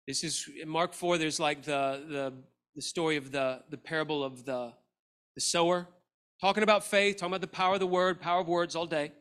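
A male pastor preaching a sermon to a church audience, animated and acting out the lines of Bible characters. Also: a little high, brisk, clean tone. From Australia. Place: church hall.

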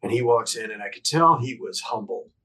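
Man, middle-aged, husky, mid-pitched, earnest, reflective, halting restarts, podcast guest. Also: lively intonation, rough recording. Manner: reflective, earnest, with frequent restarts and self-corrections; shifts between emphatic bursts and soft, hushed phrases. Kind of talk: candid conversational storytelling.

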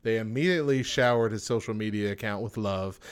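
A man's voice: fairly low pitch, a little fast, smooth. A man co-hosting a casual podcast, reading offbeat facts aloud and then riffing on them. He laughs easily and keeps the tone jokey. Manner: jokey, laughs often, reads trivia then riffs. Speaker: podcast co-host.

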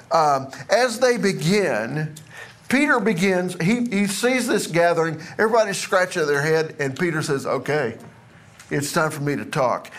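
Chatty man teaching a Bible class. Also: a little high. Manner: conversational, chatty and self-deprecating. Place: classroom with a group.

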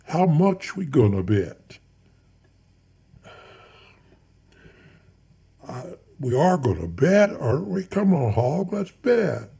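A booming, boastful pal who honks every line and can never whisper, as a male storyteller puts him on, pitched well above the teller's own voice. He sounds gravelly and husky, full of brash eagerness to make a bet. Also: sing-song, measured pace, dark tone, full character voice. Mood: pushy, eager. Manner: honking, booming, can't whisper. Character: loud, boastful, bet-loving man friend.

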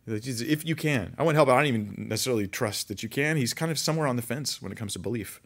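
Man, pastor, casual sermon, animated asides, mid-pitched voice. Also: rapid-fire. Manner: conversational, animated, reads scripture aloud.

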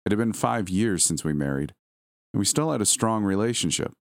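Brief: man, very low voice, lively storytelling narration, dry close-mic sound. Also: brisk, gravelly, no echo. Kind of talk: first-person story narration.

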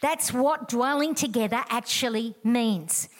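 A woman's voice: a little high, a little slow. A middle-aged woman preaching a sermon in an emphatic, conversational way, repeating her key lines.

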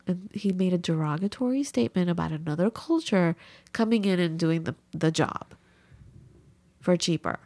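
A middle-aged woman hosting a podcast, telling a story in a casual, animated way and acting out the people she quotes. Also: moderate pace, vocal fry, no echo. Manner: animated, acts out quotes with big pitch jumps. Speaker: podcast host.

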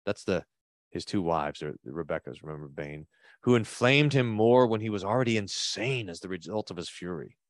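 A man's low voice, at a moderate pace, reads an old text aloud; he's a pastor who pauses for commentary and hits key words hard. The recording is dry.

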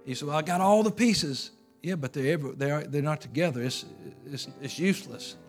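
Man, pastor, folksy sermon, fairly high voice, faint music behind. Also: a little fast. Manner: folksy preaching, rising to fervent calls.

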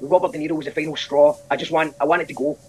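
A man's voice: fairly high pitch, fairly even intonation, very fast, a little hiss or hum, low-quality recording. A man making a comic complaint call, exasperated and ranting, repeating himself. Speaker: caller.

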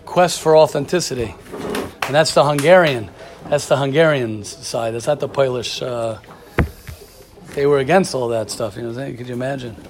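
A man teaching a religious study class in a casual, animated lecture, telling stories and calling on students by name. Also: mid-range voice, normal speed, noisy background.

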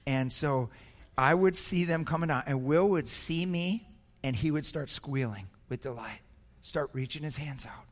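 A man's voice: on the high side, moderate pace. An older man preaching a sermon, telling a personal story in an earnest, emotional way with frequent repetitions. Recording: echoey hall.

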